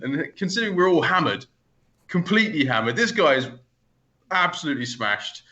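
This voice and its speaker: Man, band member, lively bright delivery, slightly dull lo-fi sound. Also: high-pitched, moderate pace. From Essex, England. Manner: animated, laughs while telling, acts out other people's lines. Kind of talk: casual storytelling chat.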